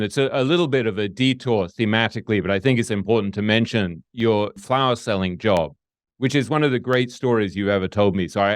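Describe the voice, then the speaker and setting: Podcast host asking a careful question, low smooth voice, dry sound. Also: male voice, no echo. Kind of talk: interview question.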